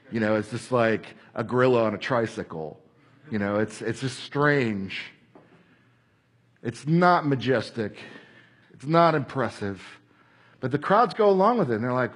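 A man preaching a sermon, animated, acting out crowd voices and shouting at times. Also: a little high, slightly rough.

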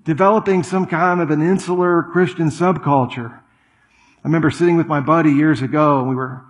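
Middle-aged male preacher, relaxed and conversational from the pulpit, voice a little higher than most. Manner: conversational preaching with asides and quick repetitions. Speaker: pastor. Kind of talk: sermon.

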